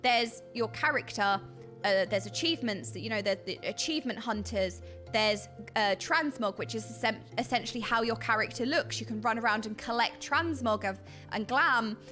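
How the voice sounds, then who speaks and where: A British woman streaming and chatting casually with her viewers, bubbly and excitable, with a slightly dry throat, talking into a desk mic. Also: on the high side, normal speed, soft background music. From Britain. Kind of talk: casual chat with live stream chat.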